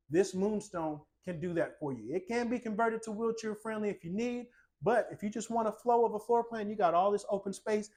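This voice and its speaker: A man's voice: high voice, normal speed, few pauses, darkish tone. A man hosting a walkthrough tour of a small home, talking in a playful, colloquial sales patter. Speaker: host giving a home tour. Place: indoors in a small tiny house.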